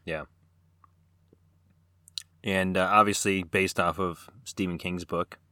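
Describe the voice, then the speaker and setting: A man co-hosting a podcast chats casually about films, laughing easily and restarting his sentences. His voice is low, steady and sharp in tone, he speaks slowly, and there's no echo.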